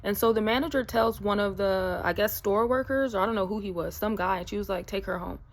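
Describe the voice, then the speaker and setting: A woman's voice: mid-range voice, brisk. Chatty woman telling a storytime. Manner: chatty, rambling, many fillers. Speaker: vlogger. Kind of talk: casual storytime.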